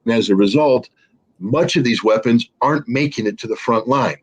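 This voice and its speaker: Husky-voiced man, blunt commentator. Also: mid-range voice, moderate pace. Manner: blunt, sarcastic, frequent fillers and restarts. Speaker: political commentator guest. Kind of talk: interview commentary.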